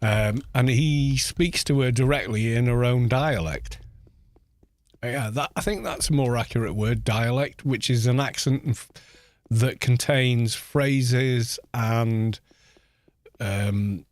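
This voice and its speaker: A man's voice: mid-range voice, slow, dry recording. A British man in his forties, chatting casually and rambling while he streams a game. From Britain. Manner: rambling, musing, with frequent restarts. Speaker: gaming streamer. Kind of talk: casual chat while gaming.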